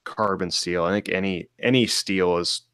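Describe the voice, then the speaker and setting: A man's voice: low voice, steady tone, moderate pace, a bit bright, clean tone, no room sound, studio quality. A man co-hosting a casual podcast, explaining technical details with many fillers and restarts. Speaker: blacksmith co-host.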